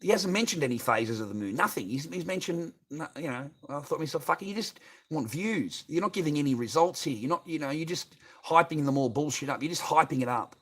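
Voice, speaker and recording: A man's voice: a little high, expressive, fast, a bit bright. A man with an Australian accent hosting a casual livestream, talking to his viewers in a rambling way full of swearing and fillers. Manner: rambling, heavy swearing, constant filler words. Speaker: livestream host. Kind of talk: casual livestream chat, reading viewer comments.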